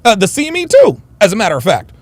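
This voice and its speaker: A man's voice: high voice, wildly swooping pitch, fast, no room sound. A man hosting a livestream, reading super chats and ranting bluntly with heavy swearing. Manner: blunt, combative, swears heavily. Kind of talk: profane livestream rant.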